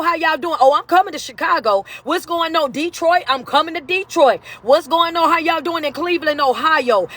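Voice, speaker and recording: High-voiced blunt woman coach on a livestream. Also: fairly bright tone. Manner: blunt, direct, preachy. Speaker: motivational speaker and life coach. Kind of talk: livestream talk to viewers.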